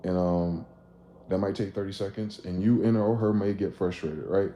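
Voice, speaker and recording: A man casually riffing on a livestream, profane and animated, acting out both sides of conversations. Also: deep voice, moderate pace, highs cut off. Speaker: livestream host. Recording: echoey room with faint ambient noise.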